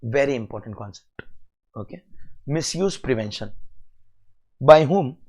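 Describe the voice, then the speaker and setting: A man with an Indian English accent teaching a tax lecture to students, animated and full of rhetorical questions. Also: mid-range voice, measured pace, breathy edge. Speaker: CA exam lecturer.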